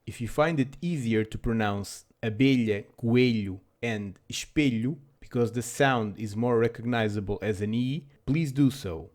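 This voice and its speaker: A man's voice: medium pitch, moderate pace, hardly any pauses, a little mellow. A man narrating a scripted language lesson with dry, self-deprecating humor. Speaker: language teacher.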